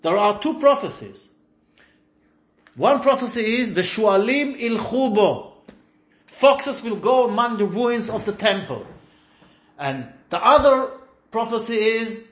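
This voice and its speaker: Man teaching a lively class, echoey room. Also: sits high, unhurried, long pauses. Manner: storytelling, acts out dialogue with laughing outbursts. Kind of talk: informal Torah class.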